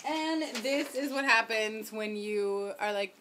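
A young woman chatting casually to her camera at home, rambling and self-mocking, talking loudly with headphones on. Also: fairly high pitch, steady tone, measured pace, hardly any pauses. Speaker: vlogger. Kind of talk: casual chat. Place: home, indoors.

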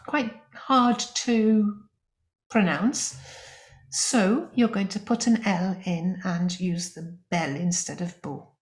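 A woman teaching French in an online lesson, explaining grammar with lively emphasis and spoken French examples. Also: medium pitch, takes it slowly, reverberant.

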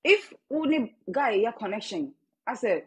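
A woman's voice: a little high, sing-song, a little slow, breathy edge. A woman with a Ghanaian accent chatting casually to her viewers while she eats, drifting between English and Twi. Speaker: vlogger. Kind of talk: casual eating-show chat.

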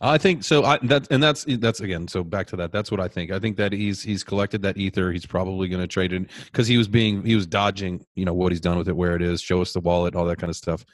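A man co-hosting a podcast in casual chat, halting and repeating himself, with wry quips. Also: low-pitched, no room sound. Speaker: podcast co-host.

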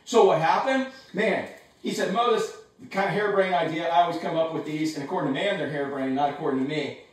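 A man preaching a sermon from his home in a casual, animated way with slangy asides. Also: on the high side, fast, very echoey, distant mic, low-quality recording. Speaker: pastor.

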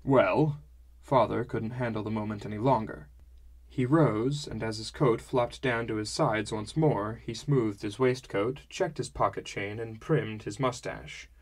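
A man narrating a fantasy audiobook in the first person, in a measured storytelling manner. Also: on the low side.

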